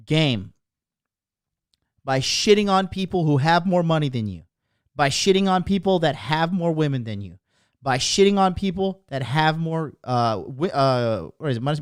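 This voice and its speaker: A man's voice: on the high side, clear, resonant tone, no echo, clean studio sound. A man in his thirties hosting a live stream, talking casually in an emphatic, profane, preachy way. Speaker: host.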